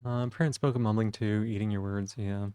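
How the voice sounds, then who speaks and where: Soft-spoken man in a mellow stream chat. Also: on the low side, steady tone, brisk, clear, resonant tone, no room sound. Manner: soft-spoken, rambling, reads chat aloud. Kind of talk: casual live-stream chat.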